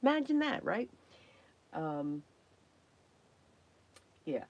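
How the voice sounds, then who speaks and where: A woman hosting a casual crafting livestream, chatty and greeting viewers by name, her voice hoarse and worn from talking, often clearing her throat. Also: deep voice, big pitch swings, drawn-out words, darkish tone, muffled recording. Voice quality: frequent throat clearing and coughs.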